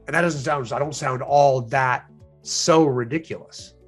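A man giving an instructional talk on sales and negotiation, animated, acting out the voices he quotes and chuckling now and then. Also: mid-range voice, measured pace, slightly rough, soft background music.

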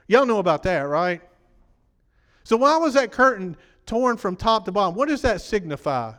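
A man's voice: high-pitched, big pitch swings, moderate pace, fairly bright tone, big-room sound. A man preaching a sermon, talking conversationally and quizzing the congregation, his voice worn from preaching.

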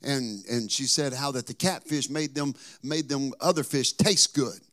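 A man preaching as a pastor, telling a story, moving between quiet asides and emphatic points. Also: medium pitch, measured pace. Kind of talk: sermon with personal storytelling.

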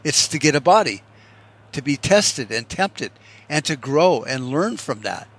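A man's voice: on the high side, big pitch swings, unhurried, fairly bright tone. A man giving a rambling, casual monologue, full of swearing and rhetorical what-if questions. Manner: profane, musing, rhetorical what-ifs. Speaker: vlogger.

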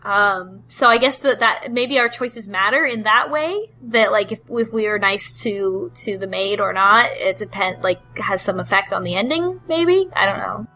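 A woman's voice: mid-range voice, expressive, normal speed, hardly any pauses, sharp tone, soft background music, rough recording. A woman hosting a casual podcast chat, recapping a game in a rambling, hesitant way with cheeky asides. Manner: rambling, hesitant, with frequent ums and laughs; cheeky and irreverent.

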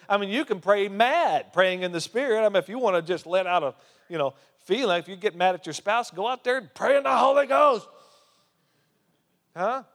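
Man preaching in a reverberant church. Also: sits high. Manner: preaching with emphatic rises and hushed drops. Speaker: pastor. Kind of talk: sermon. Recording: long hall reverb.

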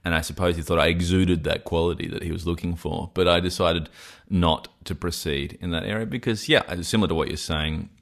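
Male podcast co-host, extremely deep voice, deliberate and unhurried storyteller. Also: fairly even intonation, gravelly, fairly bright tone. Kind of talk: casual chat.

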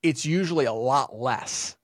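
A man co-hosting a casual podcast, telling rambling stories full of swearing and animated retellings. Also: mid-range voice, measured pace, dry recording, clean studio sound. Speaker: podcast co-host.

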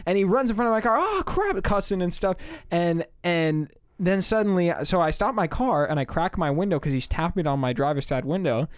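A young man, a college student, hosting a podcast and telling stories in an animated, casual way. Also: fairly quick, hardly any pauses, clear, resonant tone, no room sound, clean studio sound. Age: young adult. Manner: animated storytelling, rising pitch when excited. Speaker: podcast host.

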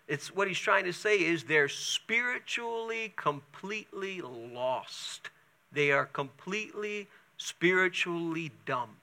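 Man, pastor, sermon, animated storytelling, slow unhurried delivery, gravelly texture. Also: high voice. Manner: animated storytelling with chatty asides.

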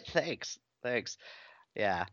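A man's voice: medium pitch, big pitch swings, extremely slow, fairly bright tone. A man co-hosting a comedy podcast in casual chat, laughing easily and reacting with gushing praise. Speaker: podcast co-host. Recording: dry, dull lo-fi podcast audio.

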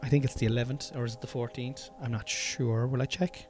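A man's voice: mid-range voice, fairly even intonation, a little fast, a little mellow, faint music behind. An Irish man hosting a casual solo podcast from a room at home, rambling along, cutting himself off mid-sentence and swearing freely. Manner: rambling, self-interrupting, sweary and chatty. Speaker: podcast host.

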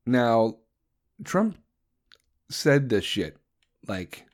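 A man's voice: medium pitch, sing-song, extremely slow. A man hosting a profane political rant, crude, heated and sarcastic. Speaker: commentator host.

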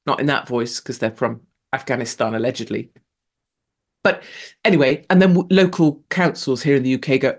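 A woman hosting a show in a casual, rambling monologue. She laughs often and her pitch leaps up sharply for emphasis. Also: normal speed, a little mellow. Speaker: show host.

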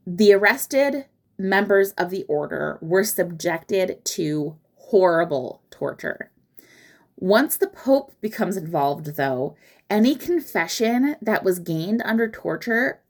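A woman's voice: lowish voice, expressive, takes it slowly. A woman hosting a history podcast, telling the story casually and acting out quoted lines in mock voices.

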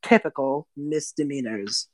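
Woman playing a prim officious lawman, formal, low voice, dry sound, tabletop game. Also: unhurried, a little mellow, no room sound.

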